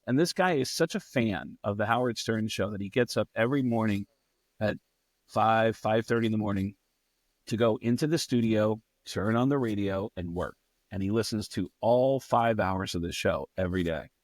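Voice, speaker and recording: A man's voice: fairly low pitch, no echo. Man telling a profane story. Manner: profane, animated, quick to act out people. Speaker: guest comedian. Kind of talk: casual storytelling.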